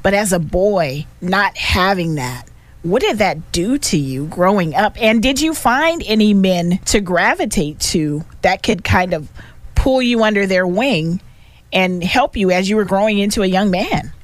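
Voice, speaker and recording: A woman's voice: medium pitch, animated, a little slow, no echo. A woman hosting an interview, affirming her guest and asking him searching questions. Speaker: host.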